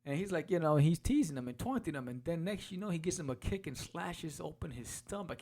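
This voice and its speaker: Animated higher-voiced male podcast host. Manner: animated, acts out quotes in quick voices. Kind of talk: casual comic book walkthrough.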